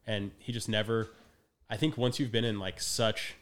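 A man's voice: fairly low pitch, steady tone, moderate pace, fairly bright tone. A young adult man, a guest in a casual podcast conversation, who tells a story with energy, acts out quotes and laughs often.

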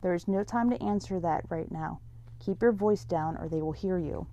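A woman reading a story aloud, voicing a mysterious young woman who urgently warns the narrator in a hushed voice. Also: on the low side, moderate pace, lightly acted.

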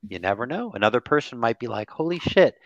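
A man speaking as a grief therapist guest in a candid podcast conversation, animated and swearing casually, acting out the voices he quotes. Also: mid-range voice, fast, no echo, highs cut off.

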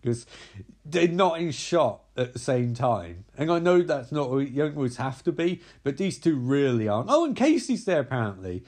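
A man talks through a movie he clearly finds ridiculous. He rambles and swears as he picks the film apart. His voice sits in an ordinary middle range. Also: medium pitch, big pitch swings, normal speed, darkish tone. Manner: sarcastic, profane, rambling. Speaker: movie reviewer. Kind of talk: comedic movie recap.

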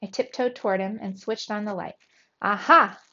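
A woman teacher reading a children's novel aloud to young pupils with clear, expressive storytelling. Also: mid-range voice, brisk, highs cut off.

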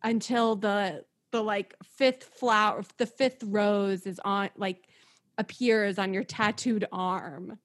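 A woman's voice: medium pitch, steady tone, slow pace. A young woman chatting casually about a movie, laughing often, using lots of fillers and a sarcastic edge. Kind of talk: casual movie review chat.

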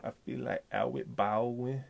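A man's voice: medium pitch, normal speed, gravelly. A man hosting his own podcast solo, talking in a profane, slangy, rambling way. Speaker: podcast host. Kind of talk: solo casual podcast commentary.

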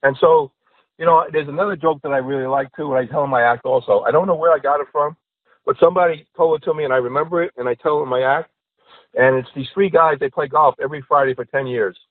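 A stand-up comedian acts out the characters in his jokes in a husky, slightly high voice. He talks in a casual podcast chat over a dry, tinny line that sounds like a phone call. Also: fast talker, no room sound. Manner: animated storyteller acting out joke characters. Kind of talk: casual podcast joke-telling.

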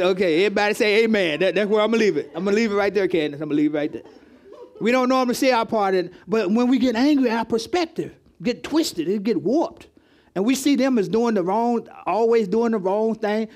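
A man with a high voice preaches to his congregation in a loose, conversational style. He asks questions of people in the room and often repeats words as he goes. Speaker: pastor. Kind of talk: interactive sermon teaching. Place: church hall with congregation.

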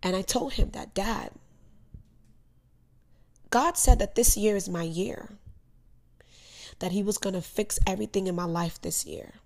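A young woman hosting her own podcast, telling an emotional personal story in earnest, with sudden loud bursts and soft, hushed asides. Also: medium pitch, a little slow, creaky, pauses often. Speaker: podcast host. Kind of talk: personal motivational monologue.

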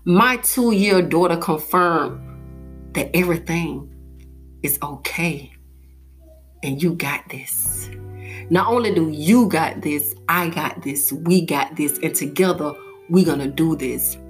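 A young woman with a notably low voice gives a heartfelt motivational monologue as a podcast host. She tells her story earnestly, and faint music plays softly underneath. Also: a little slow.

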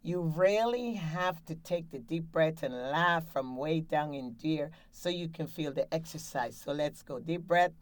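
A woman's voice: low-pitched, a little slow, few pauses, no room sound. A woman hosting a laughter exercise show from a studio, guiding breathing and cheering listeners on in an upbeat way. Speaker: laughter yoga coach and show host.

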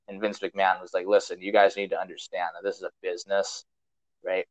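Low monotone dude rambling through a story, swears a lot, dry dull lo-fi mic. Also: male voice, brisk, no echo. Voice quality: profane, rambling with frequent fillers. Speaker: podcast host. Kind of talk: casual storytelling.

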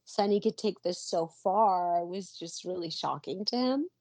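A woman co-hosting a casual podcast about soap episodes, chatty and quick to laugh and agree. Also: on the low side, a little mellow, no room sound. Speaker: podcast co-host. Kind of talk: casual soap recap chat.

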